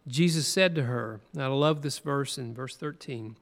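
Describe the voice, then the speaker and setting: A man's voice: medium pitch, normal speed, vocal fry, hardly any pauses. A man preaching a sermon, reading scripture aloud with earnest emphasis and stretching key words. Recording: long hall reverb.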